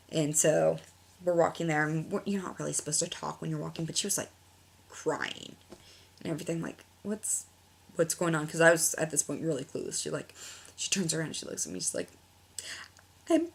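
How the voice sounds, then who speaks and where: A woman's voice: sits low, a little fast, gravelly, husky. A young woman telling a personal story in a casual vlog, rambling and correcting herself often. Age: young adult. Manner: rambling, self-correcting, frequent fillers. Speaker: vlogger.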